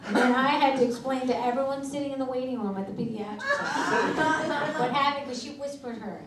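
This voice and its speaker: Middle-aged woman stand-up, deadpan and brash, higher voice, roomy club recording from a distance with noise. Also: brisk. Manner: deadpan, brash one-liners. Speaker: stand-up comedian. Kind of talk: stand-up routine. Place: comedy club. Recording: echoey club from far off with noise.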